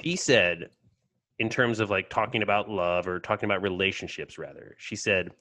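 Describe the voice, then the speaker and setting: A man's voice: sits low, moderate pace, sharp tone, no echo, clean studio sound. A man co-hosting a casual chat over a video call, joking and telling stories with animation. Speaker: podcast co-host.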